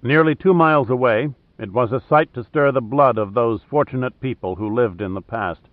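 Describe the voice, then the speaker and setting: A man narrating a thriller audiobook in a steady, measured way. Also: medium pitch, no echo. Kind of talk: scripted narration. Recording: dry, tinny phone-like sound.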